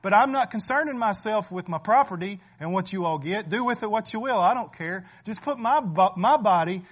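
A man's voice: high voice, expressive, a little fast, pitched above the performer's own voice. A man voicing a dying old patriarch who insists on his last wish with stern, commanding words. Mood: fervent. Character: dying old male patriarch, stubborn and faithful.

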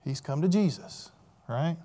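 A man's voice: fairly high pitch, measured pace, mellow. A man preaching a sermon with emphasis, repeating key phrases and putting questions to his listeners.

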